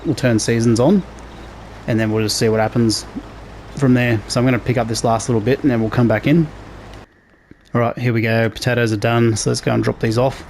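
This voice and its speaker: A man hosting a casual let's play, relaxed and talking through each task as he plays. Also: mid-range voice, brisk, a little hiss or hum. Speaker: gaming channel host.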